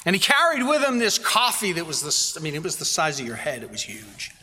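A man's voice: a little high, wildly swooping pitch, fairly quick, sharp tone, big-room sound, slight background noise. A man preaching a sermon as a pastor, earnest, building emphasis through repeated phrases.

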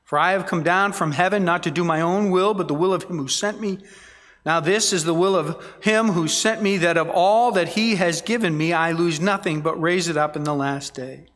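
A man preaches a sermon with earnest emphasis, reading verses aloud and dwelling on key words. His voice sits somewhat high for a man. It rings out with a long reverb through a church sanctuary. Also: moderate pace, fairly bright tone. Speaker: pastor. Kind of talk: expository sermon.

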